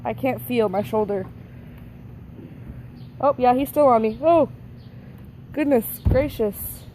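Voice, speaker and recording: Young woman vlogger, higher than average pitch, mock-dramatic and affectionate, recorded outdoors with faint background noise. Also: slow pace, mellow, low-quality recording. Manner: playful, doting, mock-dramatic. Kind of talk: casual outdoor vlog.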